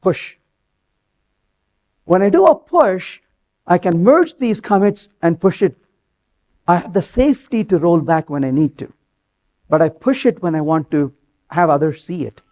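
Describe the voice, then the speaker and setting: Lively high-voiced man giving a tech talk. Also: unhurried, pauses often. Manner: animated storytelling, acts out quoted dialogue. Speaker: conference speaker. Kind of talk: live technical talk. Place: conference stage.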